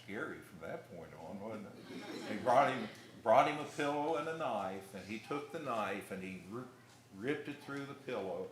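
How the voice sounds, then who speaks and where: A middle-aged male preacher delivers a sermon in an unhurried, folksy storytelling manner, pausing and restarting as he goes. His voice sits a little low. The church room around him is echoey, with a faint hiss underneath. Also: expressive. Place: church hall.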